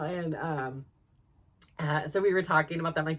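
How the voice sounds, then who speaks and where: A woman's voice: fairly low pitch, normal speed, fairly bright tone. Chatty mother rambling through a heartfelt story. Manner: rambling, full of likes and you-knows; emotional, laughing through tears. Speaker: podcast host. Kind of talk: personal storytelling monologue.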